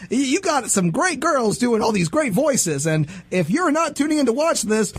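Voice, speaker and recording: A man hosting an interview, chatting casually in an excitable, rambling way and sometimes singing snatches of theme songs. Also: high voice, breathy edge. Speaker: podcast host.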